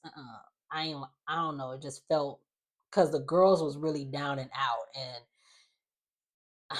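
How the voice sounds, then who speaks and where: Chatty low-voiced woman. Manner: chatty, rambling, with many fillers and quoted asides. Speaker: reality show recap vlogger. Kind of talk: casual recap chat.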